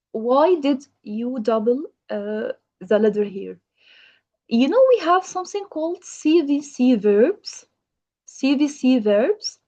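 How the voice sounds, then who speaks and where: A woman's voice: fairly high pitch, a little mellow, dull audio. A woman teaching English grammar in a patient manner, asking the learner questions. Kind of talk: grammar lesson.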